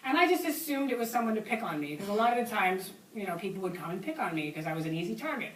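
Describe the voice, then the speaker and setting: A woman telling a story to an audience, animated, laughing often and acting out shouted exchanges. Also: medium pitch, racing, far from the mic. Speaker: speaker. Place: university hall. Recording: echoey hall, mic from afar.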